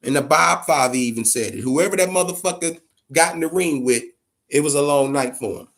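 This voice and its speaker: A man's voice: fairly high pitch, brisk, gravelly. A man hosting a boxing podcast, giving casual, opinionated commentary full of swearing and repeated emphasis. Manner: profane, emphatic, repeats himself.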